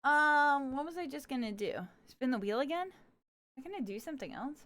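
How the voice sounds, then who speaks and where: A bubbly young woman streams live, with a high voice that swoops up and down as she giggles and chats with her viewers. The sound is close and dry, with no room around it. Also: lively intonation, brisk, fairly bright tone, no echo. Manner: bubbly, giggly, talks to chat and plays a cutesy puppy-girl persona. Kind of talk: casual live-stream chat.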